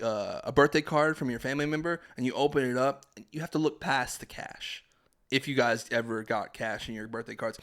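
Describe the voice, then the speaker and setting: A young man tells a family story on a podcast in loose, chatty fashion. He laughs often and jumps into voices for his relatives. His voice sits at an ordinary middle pitch. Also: a bit bright. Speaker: podcast host. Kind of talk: casual storytelling chat.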